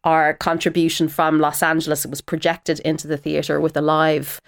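An Irish woman, an actor who used to present on TV, chats animatedly as a guest in a casual interview. Her voice is low and gravelly at a moderate pace, and she uses frequent fillers.

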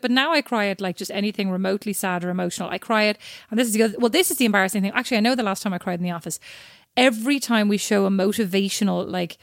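A young woman with an Irish accent, talking casually and poking fun at herself. Her voice sits in a middle pitch. The sound is close and dry, with no room around it. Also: no room sound. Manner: chatty, self-mocking, quick asides. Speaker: podcast co-host. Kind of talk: casual chat.

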